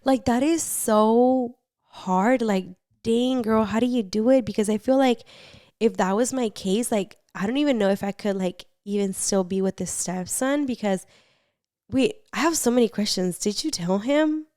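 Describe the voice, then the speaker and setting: A young woman hosts a casual advice podcast in a chatty, animated way, swearing casually as she reacts. Her voice sits at a middle pitch. The sound is dry and close, with no room echo. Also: normal speed. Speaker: podcast host.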